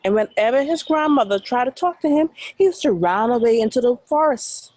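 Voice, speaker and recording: Bahamian woman teacher, children's storyteller, higher voice, dramatic with sound effects. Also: animated, brisk, a little mellow, low-quality recording.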